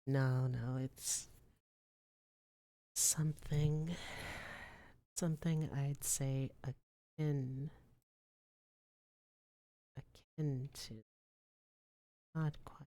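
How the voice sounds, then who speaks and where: Young female ASMR streamer: low, slow whisper, rambling and self-mocking, dry close mic. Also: fairly even intonation, mellow, no echo.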